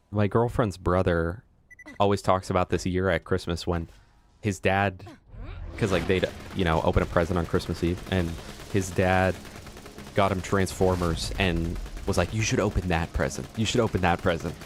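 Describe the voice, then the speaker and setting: A man's voice: low voice, level tone, moderate pace, slight background noise. A young adult man streaming gameplay, rambling and joking with his chat. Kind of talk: casual live gameplay commentary.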